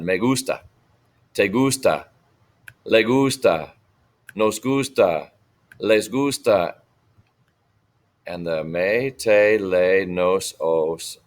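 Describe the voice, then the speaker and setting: A man teaching a recorded Spanish lesson, patiently repeating words slowly for students to copy. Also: sits low.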